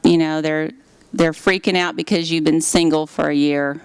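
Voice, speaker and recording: A woman's voice: low-pitched, fairly even intonation, moderate pace, clean tone, no echo. A woman giving an earnest, heartfelt faith testimony. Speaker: speaker giving a personal testimony.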